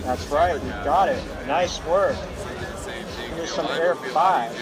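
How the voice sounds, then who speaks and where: A man's voice: a little high, slow pace. A man speaking as a friendly, polite humanoid robot at a tech event, keeping up cheerful small talk. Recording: loud crowd and music outdoors. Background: loud crowd and music.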